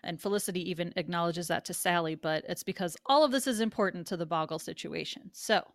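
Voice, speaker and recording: A woman's voice: lowish voice, quick pace, no echo, clean studio sound. A woman co-hosting a podcast, recapping an episode in a chatty storytelling way full of "like". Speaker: podcast host.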